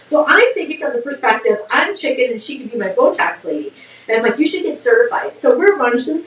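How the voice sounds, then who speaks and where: Animated middle-aged woman telling a story. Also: a little high, quick pace, recorded from a distance. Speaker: business co-founder, guest. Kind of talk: casual interview storytelling. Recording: roomy sound from off-mic.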